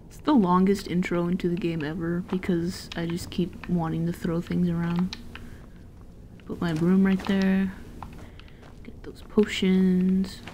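A woman's voice: fairly low pitch, level tone, a little slow, warm tone, a little hiss or hum. A woman streamer giving casual, playful commentary while playing a game, giggling and swearing freely. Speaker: gameplay streamer.

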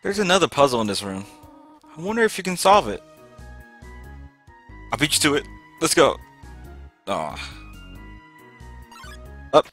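A young man playing a video game, reading its text aloud and reacting with excitable yelps and panicked shouts. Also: on the high side, moderate pace, long pauses, faint music behind. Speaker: let's play gamer.

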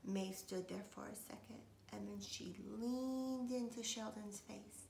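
A woman reading a children's chapter book aloud with expressive storytelling. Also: mid-range voice, a little slow, gravelly, hardly any pauses. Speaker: reader. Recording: echoey room, faint noise.

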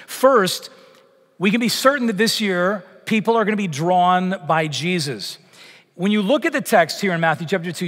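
A man's voice: high voice, a bit bright, big-room sound. A man preaching a sermon as pastor, emphatic, asking rhetorical questions and driving points home with repetition. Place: church sanctuary.

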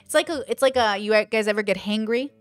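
A woman's voice: a little high, fast talker, no room sound. A woman creator in casual livestream chat, thinking aloud with lots of fillers and acting out the voices she quotes. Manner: animated, acts out quoted voices. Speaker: online content creator.

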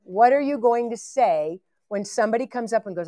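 A woman's voice: a little high, lively intonation, brisk, dark tone. A woman leading a live ministry training session, blunt and joking as she teaches. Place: church event hall.

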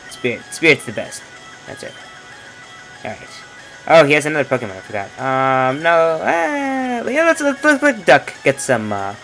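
A young man playing a video game and commenting as he goes, joking and trash-talking the characters on screen. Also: low-quality recording. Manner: joking, trash-talks game characters, lively swings of pitch. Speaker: let's play gamer. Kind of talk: playthrough commentary.

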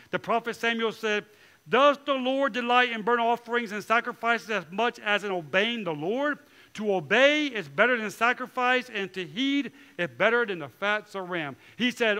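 A male pastor delivering a sermon with a high, bright voice. He preaches in an animated way, jumping into short impressions of churchgoers and quoting scripture with emphasis. His tone stays forceful and clear as he drives each point home. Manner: animated preaching, acting out voices of people and God.

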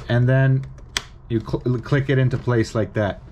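Man, repair tutorial, casual and instructive, mid-pitched voice, faint background noise. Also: steady tone, measured pace, dark tone, dull audio. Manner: casual, instructive, emphatic about warnings. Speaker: repair technician.

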